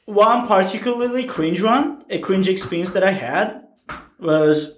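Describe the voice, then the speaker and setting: A young man from Turkey telling stories as a podcast guest in casual chat, animated and ending lines with a questioning "right?". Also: high-pitched, measured pace, slight background noise. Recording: echoey room.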